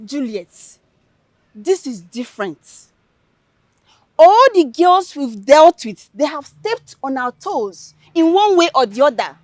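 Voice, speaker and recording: A high, earnest young woman protesting. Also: very animated, slow, no echo, heavily acted. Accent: Nigerian. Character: principled young woman, Uka, defending a friend. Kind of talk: film drama acting.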